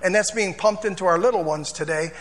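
A male pastor delivers a sermon in a church with a loose, conversational style, pulling the congregation into call-and-response. His high, bright voice moves fairly quickly, and a long hall echo rings over a faint hum.

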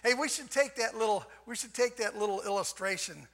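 An older man preaching a sermon in a folksy way, repeating "amen" and swinging from soft passages to shouts. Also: high-pitched, fairly quick. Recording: long hall reverb.

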